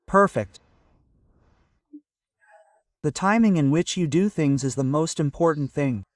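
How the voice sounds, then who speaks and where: A man's voice: on the high side, expressive, a little slow, dry recording, clean studio sound, recorded from a distance. A man giving an earnest, casual motivational talk to camera and often checking in with "okay?". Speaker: motivational vlogger. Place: at home early in the morning.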